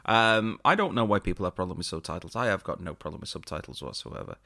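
A man's voice: low voice, lively intonation, quick pace, creaky, bright, forceful tone, no echo, clean studio sound. A man co-hosting a podcast, explaining and reviewing films in a chatty, laid-back way. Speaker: podcast co-host. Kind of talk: casual film review chat.

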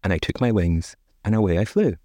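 A man reciting as a soft-chanting magic dove. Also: on the low side, animated, fairly quick, no echo, clean studio sound, natural voice.

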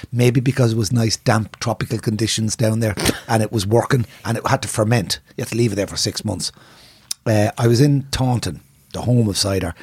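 A man's voice: fairly low pitch, gravelly, darkish tone, husky, no echo. An Irish man co-hosting a podcast, telling a long, rambling anecdote in casual chat and teasing his listeners with hints. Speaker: podcast co-host.

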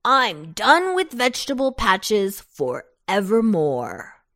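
A woman's voice: medium pitch, wildly swooping pitch, slow pace, a bit bright, heavily acted. Woman playing a lordly storybook pumpkin, courtly, full of himself. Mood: defiant. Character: grand, lordly talking pumpkin.

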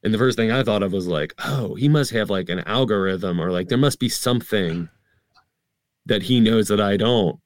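A man's voice: on the low side, no room sound. A man in his thirties, a stand-up comedian, chatting casually and acting out his jokes. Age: 30s. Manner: animated, acts out jokes with quick asides. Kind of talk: casual chat about comedy bits.

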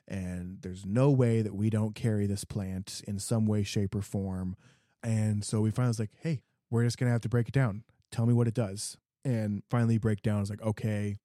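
A man from the Midwest co-hosting a podcast, telling a customer story in an animated way and acting out the voices. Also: on the low side, no room sound, studio quality. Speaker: podcast co-host; garden center worker. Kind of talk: casual storytelling chat.

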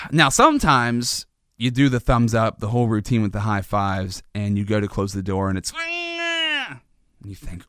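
Animated, rambling male comic host. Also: medium pitch, normal speed, clear, resonant tone, no room sound, studio quality. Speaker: host, father of a toddler. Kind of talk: comedic monologue.

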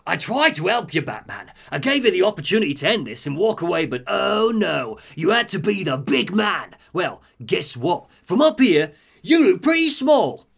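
Man putting on a gloating crime boss, high and sneering, swings wide, a bit loud. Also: big pitch swings, moderate pace, gravelly, slightly rough, exaggerated voice. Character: pompous gloating male crime boss, cackling.

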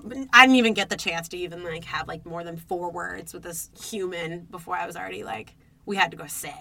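Young woman gabbing on a podcast, bright voice, swears a lot and acts out what she said. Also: fairly low pitch, fairly quick, vocal fry, no echo. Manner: animated, swearing, acts out her own reactions. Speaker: podcast co-host. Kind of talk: casual storytelling chat.

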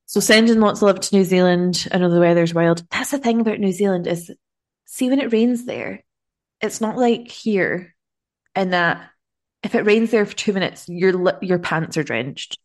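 A woman's voice: medium pitch, normal speed, a little mellow. A woman co-hosting a podcast in casual chat, chatty and giggly, tired after a long day of travel. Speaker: podcast co-host.

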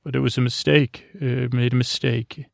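A restless middle-aged starship officer, as a man voices him, pleading in a flat, gravelly, unhurried way. The voice stays low-key and sleepy, with a dry, close sound. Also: no echo. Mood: earnest. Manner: drowsy, halting paraphrase.

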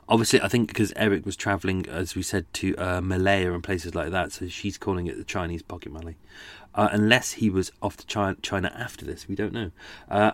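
A man's voice: low-pitched, fairly even intonation, fairly quick, no room sound. A man, hosting a casual podcast chat, rambling with lots of asides while reading out old letters. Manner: rambling and chatty, with many fillers and asides. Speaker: podcast host.

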